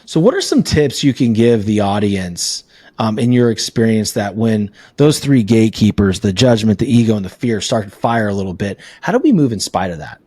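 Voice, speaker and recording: A man's voice: on the low side, big pitch swings, normal speed, darkish tone, husky, no room sound. A man hosting a podcast, talking earnestly in a casual conversational way and telling stories with filler words. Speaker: podcast host.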